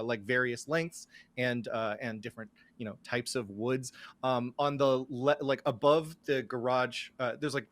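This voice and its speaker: A man playing a tabletop game who describes his character's surroundings in a relaxed way with many fillers. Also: medium pitch, no room sound. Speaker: player.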